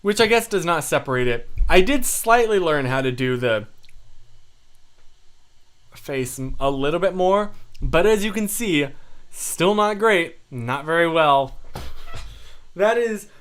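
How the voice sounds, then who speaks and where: A young man chats casually on his livestream, rambling and poking fun at himself. His voice sits a little high, and he talks at an unhurried pace. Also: fairly bright tone. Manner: rambling, self-deprecating, chatty. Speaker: livestream host. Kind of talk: casual livestream chat with viewers.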